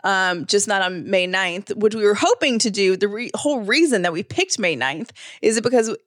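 A woman co-hosting a casual podcast chat, wry and matter-of-fact, brushing things off with a dry edge. Her pitch is an everyday middle, and the sound is close and dry. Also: expressive, moderate pace, fairly bright tone, no room sound. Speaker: podcast co-host.

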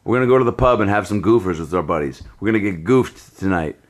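A man hosting a podcast, chatting casually with profane, joking, animated storytelling. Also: deep voice, fast talker. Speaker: podcast host. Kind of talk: casual chat.

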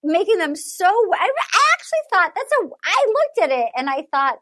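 A woman hosting a podcast in casual comedic chat, animated and profane, acting out quotes with lots of "like". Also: very high-pitched, normal speed, hardly any pauses. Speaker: podcast host.

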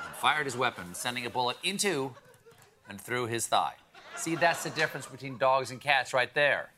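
A man's voice: mid-range voice, bright, forceful tone, slight background noise. A man hosting a late-night comedy show, delivering a wry monologue with punchy jokes and mock outbursts. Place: small storage closet.

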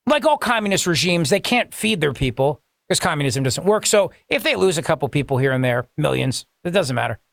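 Gravelly, high-voiced combative talk radio host. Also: male voice, expressive, fairly quick, few pauses, a bit bright, no echo, clean studio sound. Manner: combative, sarcastic, rhetorical questions. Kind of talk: political talk radio monologue.

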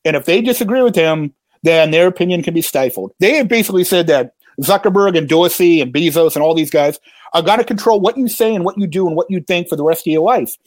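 A man's voice: high-pitched, animated, fast talker, dry recording. A man who is a football analyst, guesting on a talk radio show and speaking emphatically and scornfully.

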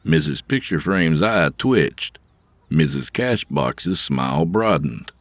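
A man's voice: rumbling low, animated, slow pace, no echo. A man narrating a story in a wry, conversational way.

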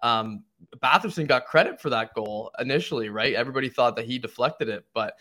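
Male podcast co-host, mid-pitched, chatty and excitable fan energy. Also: a little fast. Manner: chatty, lots of likes and rights, excitable. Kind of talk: casual sports chat.

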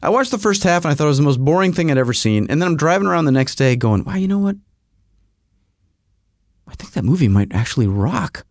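A man hosting a podcast, telling a rambling story in a casual, animated way with frequent restarts. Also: fairly high pitch, fast, dry recording, studio quality. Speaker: podcast host. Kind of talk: casual monologue.

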